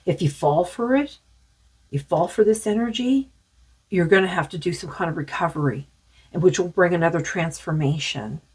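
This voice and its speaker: Husky woman musing through a card reading. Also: fairly low pitch, moderate pace, a little mellow. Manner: rambling, musing, many fillers. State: losing her voice. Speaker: tarot card reader. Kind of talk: casual spiritual card reading.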